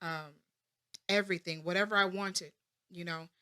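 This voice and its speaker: A woman in her thirties, an interview guest, talking reflectively about her family with many pauses and restarts. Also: on the low side, fairly even intonation, sharp tone. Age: 30s. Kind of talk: personal interview.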